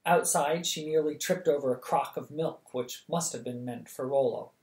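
Bedtime story reader, middle voice, steady, roomy echo around it. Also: mid-range voice, moderate pace. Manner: steady, lively, acts out the dialogue. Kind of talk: audiobook reading of a novel. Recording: echoey room.

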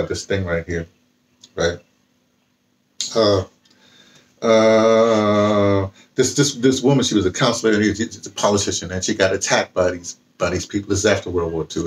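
A man with a low voice talks casually about novels he has been reading. He rambles and restarts his sentences often. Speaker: vlogger. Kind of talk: casual book talk with reading aloud.

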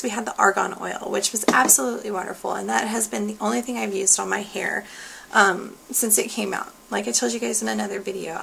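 Woman, casual product reviewer, losing her voice; strong vocal fry, faint background hiss. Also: medium pitch, low-quality recording. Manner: chatty, relaxed, with frequent fillers. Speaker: beauty product consultant.

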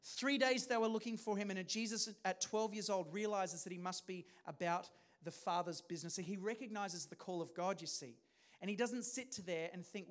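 High-voiced male preacher. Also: normal speed. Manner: conversational preaching with questions to the congregation. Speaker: pastor. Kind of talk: sermon.

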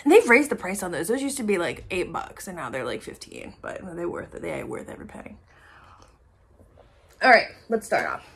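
A woman vlogger chatting casually to camera about her shopping haul, excitable and swearing freely. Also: on the low side, brisk, gravelly, slight background noise.

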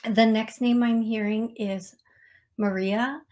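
Her voice a little high, steady and slightly mellow, a woman runs a psychic medium live-stream talk show. She calls out names and songs to viewers at a slow, chatty pace, self-deprecating and laughing softly.

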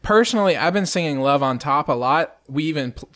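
A man's voice: a little high, lively intonation, brisk, a bit bright. A man co-hosting a podcast, chatting casually in a rambling, jokey way. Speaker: podcast co-host. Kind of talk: casual chat.

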